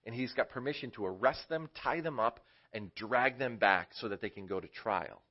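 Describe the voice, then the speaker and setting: Man, children's Bible teacher, chatty and question-asking, mid-pitched voice, dull lo-fi recording. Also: moderate pace. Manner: conversational, asks the audience questions. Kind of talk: casual Bible lesson for kids.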